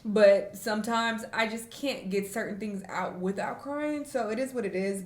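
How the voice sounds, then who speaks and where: Frank, tearful woman vlogging in an echoey room. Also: medium pitch. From United States. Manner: frank and reflective, with fillers and emotional pauses. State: tearful at times. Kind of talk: candid talking-to-camera vlog.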